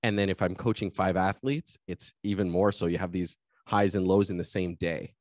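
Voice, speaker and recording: Deep voiced guy hosting a podcast, gets excited, long rambling thoughts, dry sound. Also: moderate pace, dry recording. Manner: enthusiastic, talks in long flowing thoughts. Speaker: podcast host, coach. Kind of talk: casual interview chat.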